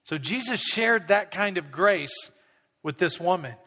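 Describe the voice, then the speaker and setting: A male pastor preaching a conversational sermon, slipping into quick impressions of everyday people. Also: high-pitched, animated, sharp tone, in a large hall. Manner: conversational, acts out people's voices in quick asides.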